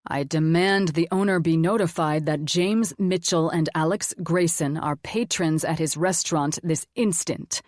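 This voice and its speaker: A stern, wealthy man insisting on being served, put on by a woman narrator. He is firm and formal, his voice low. The read is close and dry. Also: measured pace, few pauses, a little mellow, no room sound.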